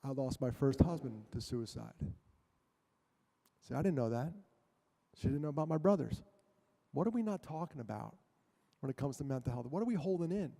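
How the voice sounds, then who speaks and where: A male guest speaker telling a personal story to a church audience, animated and self-mocking, with jokes between the serious parts. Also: medium pitch, moderate pace, long pauses. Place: church hall. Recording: long hall reverb.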